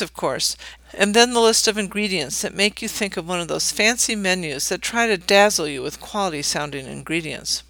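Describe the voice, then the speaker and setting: A man's voice: sits high, gravelly, sharp tone, dry recording. A man reading a scripted essay aloud, with dry, wry humor and mock-grand readings of quoted text.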